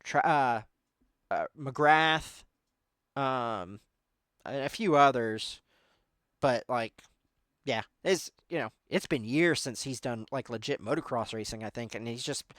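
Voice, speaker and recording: A man's voice: medium pitch, slow, long pauses, a bit bright, dry recording, studio quality. A man in his thirties hosting a podcast in casual chat, rambling with lots of filler words. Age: 30s. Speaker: podcast host.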